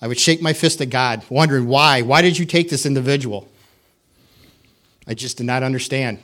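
A middle-aged man from the United States shares his personal testimony at church. He talks in a candid, conversational way and pokes fun at himself with dry humor. His voice sits at an ordinary middle pitch. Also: moderate pace, a bit bright. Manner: candid, self-deprecating, wry humor. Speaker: church member giving testimony.

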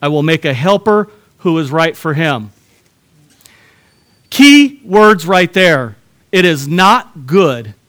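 A man's voice: on the high side, sing-song, slow pace, long pauses, a bit bright. A middle-aged man preaching a sermon, telling a story with humor and talking straight to his congregation. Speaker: pastor.

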